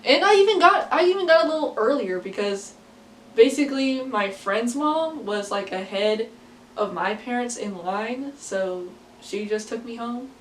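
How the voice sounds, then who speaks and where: Casting: teen girl vlogger, slightly high voice, rambling and giggly, recorded far from the mic in a roomy space. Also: expressive, a little slow. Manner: rambling, many fillers, laughs often. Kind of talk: casual storytelling to camera. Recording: echoey room, distant from mic.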